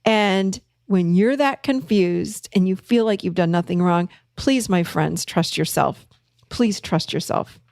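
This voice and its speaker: Woman therapist, gravelly edge, dry close sound, chatty storyteller. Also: fairly low pitch, a little slow, dry recording. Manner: storytelling, animated when quoting others. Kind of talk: casual talk.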